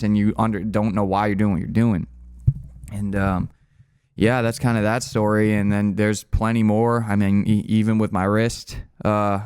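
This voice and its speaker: Young guy rambling thru a story, low flat smooth voice, dry sound. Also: no room sound. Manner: rambling, candid, frequent fillers and restarts. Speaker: channel co-host. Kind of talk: casual storytelling.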